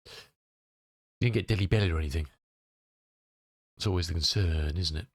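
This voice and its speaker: A man's voice: low-pitched, moderate pace, no echo, clean studio sound. A male streamer chatting casually with his viewers, muttering to himself as he tinkers and answering chat messages.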